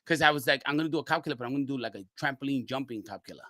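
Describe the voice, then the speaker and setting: A man from Brooklyn, a podcast guest telling wrestling road stories in a casual, slangy, animated way. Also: mid-range voice, racing, a little hiss or hum. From Brooklyn, New York. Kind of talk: casual storytelling.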